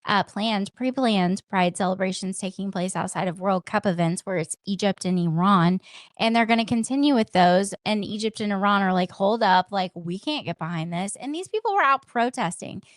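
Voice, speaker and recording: A sarcastic, blunt woman co-hosting a casual political talk podcast, dropping the odd swear word. Her voice sits at a middle pitch and is recorded close and dry, with no room echo around it. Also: animated, moderate pace. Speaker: podcast co-host.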